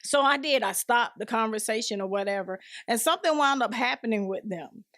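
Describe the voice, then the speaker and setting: A woman's voice: a little high, brisk, fairly bright tone, dry recording, clean studio sound. A woman as a podcast guest, sharing her personal story earnestly and acting out what others said. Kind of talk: personal testimony in conversation.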